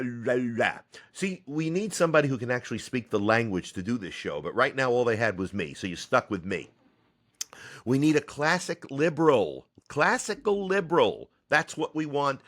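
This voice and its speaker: A man's voice: mid-range voice, a bit bright. A man from the United States who heads a theater company, hosting a solo podcast. He rambles, pokes fun at himself and drops sarcastic asides.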